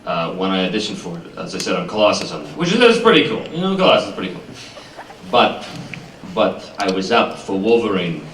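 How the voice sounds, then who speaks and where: Jokey man with a low voice. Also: very animated, fairly quick, a bit bright, slight background noise. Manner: jokey, self-deprecating storyteller. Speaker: voice actor, panel guest. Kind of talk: anecdotal panel chat. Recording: roomy convention hall, mic at a distance.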